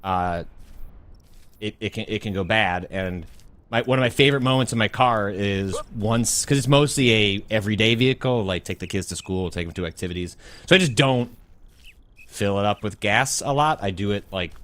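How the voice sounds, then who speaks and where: A man's voice: lowish voice, moderate pace, a bit bright. A man, a podcast co-host, talking in a rambling casual way with many fillers and restarts. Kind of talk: casual chat.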